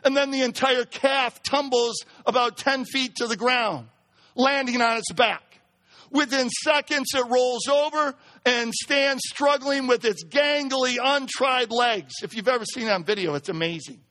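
A pastor preaching a sermon, building to emphatic near-shouts as he drives his points home. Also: unhurried. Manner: reads a poem in a hushed lower voice.

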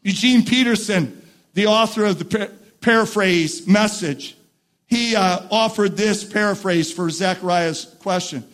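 A male pastor preaching a sermon who builds from quiet, reflective talk to repeated shouted emphasis. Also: sits high, measured pace.

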